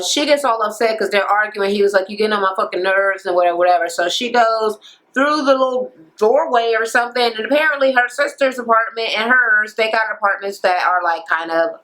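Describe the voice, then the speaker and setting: A woman's voice: medium pitch, fairly bright tone, low-quality recording. Blunt, profane woman ranting a recap. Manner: profane, blunt and opinionated, acting out quotes. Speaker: reality TV recap vlogger. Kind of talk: casual rant recapping a show. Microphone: camera mic.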